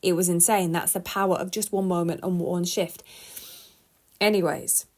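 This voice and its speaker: Woman, middle-aged, casual podcast host; lively and chatty, often restarts mid-thought. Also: fairly low pitch. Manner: chatty and animated, laughs often, quick restarts. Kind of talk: casual solo podcast talk.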